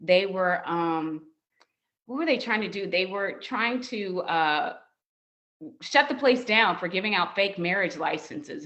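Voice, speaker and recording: A middle-aged woman, a podcast guest, telling a casual story and acting out the quoted dialogue in a raised voice. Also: unhurried. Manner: animated, acts out quoted dialogue in higher voices.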